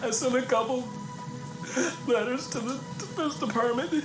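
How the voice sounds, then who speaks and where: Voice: medium pitch, moderate pace, lightly acted. An actor as a young man in a movie clip. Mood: wistful. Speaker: film character telling of a lost father. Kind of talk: earnest 1980s film dialogue. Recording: distant movie clip with music behind. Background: film score music.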